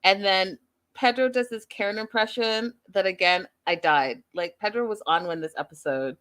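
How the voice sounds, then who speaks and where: Woman host, casual recap chat, animated and giggly, mid pitch. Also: moderate pace, smooth. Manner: chatty, animated, laughing often. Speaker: host of a reality show recap.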